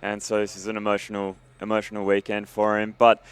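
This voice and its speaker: A man's voice: on the low side, monotone, fast, clean tone, no echo. A man hosting a post-match stage interview, supportive and brief, then wrapping up the broadcast. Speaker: caster and host.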